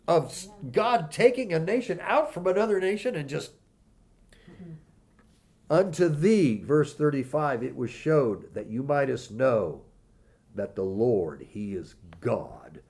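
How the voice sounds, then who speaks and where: A man preaching a sermon, reading scripture aloud and slowing down to stress key words, then explaining in a conversational way. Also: a little high, darkish tone, husky.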